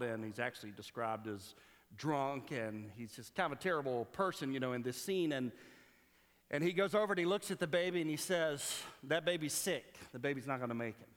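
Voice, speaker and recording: A man preaching a sermon in a church, retelling a story with quoted dialogue and halting restarts. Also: mid-range voice, fairly bright tone, big-room sound. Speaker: pastor.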